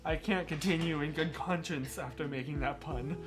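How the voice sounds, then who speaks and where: A man's voice: on the high side, normal speed, music in the background. A man hosting a live stream, chatting casually and playfully with viewers, poking fun at himself and laughing often, speaking from a room at home. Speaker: livestream host.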